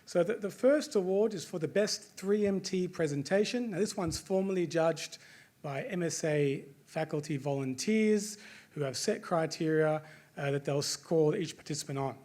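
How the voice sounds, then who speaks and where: Aussie guy hosting an event, slightly high voice, joking around w the audience. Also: normal speed, darkish tone. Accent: Australian. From Australia. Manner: jokey, chatty, asks the crowd questions. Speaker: event host. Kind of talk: live emcee address to an audience.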